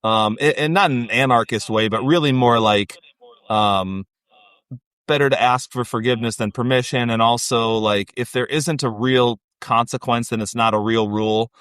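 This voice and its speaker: Relaxed, humorous man in a mid-range voice. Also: medium pitch, moderate pace, clear, resonant tone, no echo, studio quality. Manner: relaxed, humorous, reflective, with many "like" fillers. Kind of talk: casual chat.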